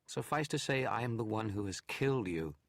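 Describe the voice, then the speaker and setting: A man's voice: lowish voice, sing-song, normal speed, breathy edge, no echo, clean studio sound, voice pushed up, full character voice. A man voicing a menacing, sneering sorcerer's phantom image that speaks with cold, supreme confidence.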